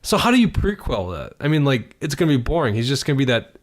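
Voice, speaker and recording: A man's voice: mid-range voice, very animated, fast talker. An American man chatting on a podcast, teasing his co-host with dry jabs and lots of fillers. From United States. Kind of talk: casual podcast chat.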